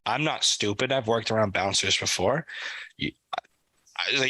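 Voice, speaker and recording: A young man co-hosting a podcast, telling an animated, profane story in casual chat. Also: lowish voice, normal speed, dry recording, rough recording. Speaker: podcast co-host.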